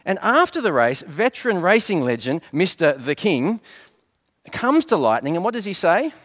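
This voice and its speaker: Middle-aged man, pastor giving a sermon; expressive, rising and falling voice, light humour, fond of rhetorical questions. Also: high voice, moderate pace. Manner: asks rhetorical questions and answers them; light storytelling with gentle humour.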